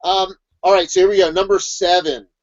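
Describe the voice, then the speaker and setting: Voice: medium pitch, fairly even intonation, fairly quick. Giggly host on a muffled call. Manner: giggly, reads out a countdown list. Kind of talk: casual online chat. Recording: muffled online call audio.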